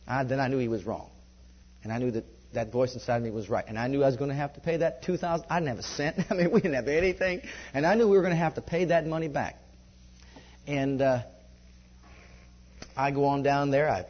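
A man preaching in a conversational storytelling way, animated and laughing often as he gives a testimony. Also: mid-range voice, slightly rough. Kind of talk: sermon storytelling. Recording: dull lo-fi recording.

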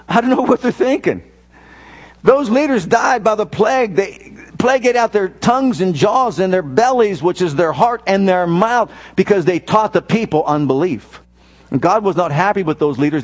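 A man preaching a sermon as pastor from the pulpit, animated, with mocking asides. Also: high-pitched, moderate pace. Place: church.

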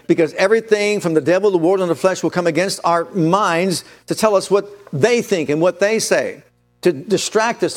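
A man preaching a sermon, reading scripture slowly and solemnly, then speeding up to press his points with urgency. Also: on the high side. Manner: emphatic, swings between slow solemn reading and fast urgent preaching.

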